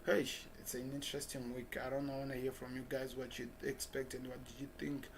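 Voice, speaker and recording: A man reads transfer headlines aloud in a casual chat, stumbling over names and muttering asides to himself. His voice sits at an ordinary pitch for a man. A faint hiss runs under the recording. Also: level tone, a little fast, vocal fry. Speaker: football channel host.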